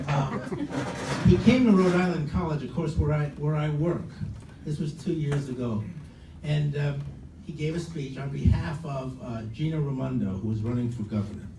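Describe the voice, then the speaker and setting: An older man, son of the guest of honor, casually tells a gathering an anecdote and acts out the quotes with lively voices. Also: medium pitch, moderate pace. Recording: roomy hall, distant mic, background noise.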